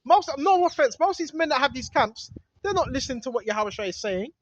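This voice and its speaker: High-voiced man preaching in a rambling way. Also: expressive, fast, lo-fi sound, slight background noise. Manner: emphatic, rambling, keeps asking "right?". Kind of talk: outdoor religious vlog monologue. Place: small hidden spot in the woods, outdoors.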